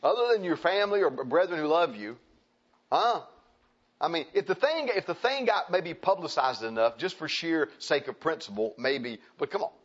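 Man preaching, husky voice, folksy conversational sermon, dull lo-fi recording. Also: fairly high pitch, animated, moderate pace.

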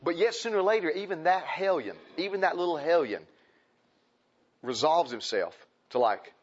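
Preacher guy, husky voice, pitch all over the place, kinda muffled lo-fi recording. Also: animated, normal speed. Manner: folksy, impassioned, repeats phrases, swings loud and soft. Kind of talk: sermon.

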